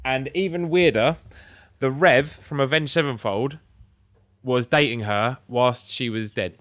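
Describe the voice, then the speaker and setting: A man's voice: medium pitch, measured pace, a bit bright, no room sound. A man co-hosting a casual podcast, rambling with lots of "like" and swearing freely. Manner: rambling, heavy use of "like" and swearing. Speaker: podcast co-host.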